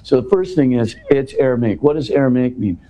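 An earnest man talks through a detailed explanation in conversation, often repeating and restarting words as he goes. His voice is mellow and relaxed at an ordinary pitch. The recording sounds slightly dull and lo-fi. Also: a little fast. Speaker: interview guest.

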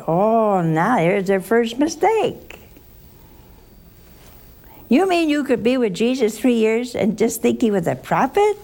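A woman's voice: a little high, sing-song, slow, pauses often, dark tone. An older woman teaching a Bible lesson, chatty and teasing, asking her listeners questions. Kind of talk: sermon-style Bible teaching.

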